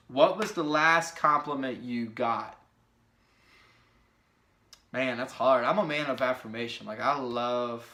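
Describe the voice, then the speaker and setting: A man's voice: mid-range voice, pushed and bright. Chatty young man in an echoey room. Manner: rambling, chatty, lots of fillers. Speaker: vlogger. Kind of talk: casual question-and-answer chat.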